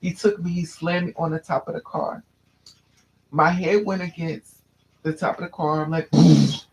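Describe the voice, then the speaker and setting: A man's voice: a little high, little pitch movement, moderate pace, a little hiss or hum, low-quality recording. A man telling a personal story to a listener, candid and restless, often repeating and restarting his phrases.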